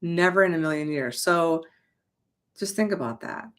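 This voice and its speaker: A young adult woman with a slightly low voice talks casually and emphatically as a manifestation coach. She is chatty, swears lightly and now and then breaks into loud exclamations. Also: moderate pace. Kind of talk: casual motivational talk to camera.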